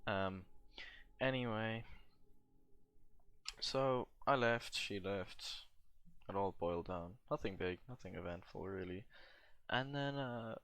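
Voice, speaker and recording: A young man with a very low voice tells a story casually while he games, swearing freely and filling gaps with ums and you-knows. His delivery is loose and laid-back, like a streamer chatting with viewers. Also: takes it slowly, pauses often, fairly bright tone, dry recording, lo-fi sound. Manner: profane, rambling and laid-back, with many fillers. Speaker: gaming streamer.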